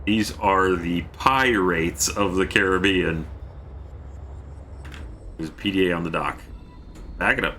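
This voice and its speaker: A man's voice: deep voice, a little slow, long pauses, bright, forceful tone, slight background noise. A man streaming a game, chatting casually, joking and reading chat messages aloud. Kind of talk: casual gameplay commentary.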